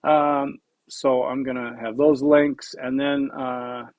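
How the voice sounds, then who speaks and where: A man's voice: mid-range voice, flat delivery, takes it slowly, a little mellow, dry recording, dull audio. A man in his sixties giving a recorded college lecture, blunt and conversational, repeating points for emphasis. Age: 60s. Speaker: college instructor.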